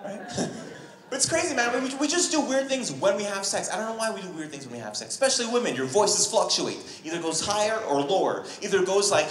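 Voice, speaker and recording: Animated stand-up comedian man, high-pitched. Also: fairly quick, reverberant. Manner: animated, acts out characters with wild pitch jumps and high squeals. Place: comedy club stage, live audience laughing.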